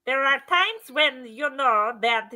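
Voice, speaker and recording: A woman's voice: sits high, lively intonation, slow, pushed and bright. A middle-aged woman co-hosting a live stream in casual chat, giggly and playful, breaking into joke accents.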